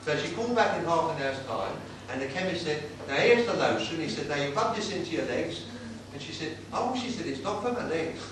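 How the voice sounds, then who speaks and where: A man doing a tribute act as a cheeky old-time music-hall comic, telling saucy gags in brisk patter. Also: fairly high pitch, lively intonation, close to an everyday voice. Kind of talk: live stand-up with saucy gags. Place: live venue with an audience. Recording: roomy and distant with loud noise.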